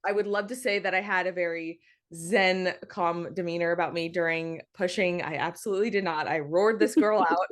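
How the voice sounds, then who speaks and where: A young woman telling her home birth story in a casual interview, animated, laughing often, with plenty of fillers and restarts. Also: fairly low pitch, moderate pace. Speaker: podcast guest.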